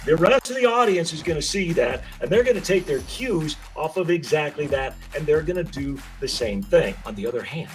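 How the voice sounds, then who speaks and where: A man who works as a speaker coach, presenting a webinar on public speaking, animated and addressing the listener with frequent questions. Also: fairly high pitch, a little fast, hardly any pauses, soft background music.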